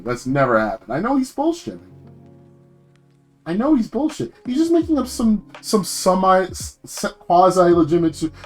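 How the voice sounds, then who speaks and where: A young man on a stream rants casually about work, animated and swearing, his pitch jumping high whenever he gets indignant.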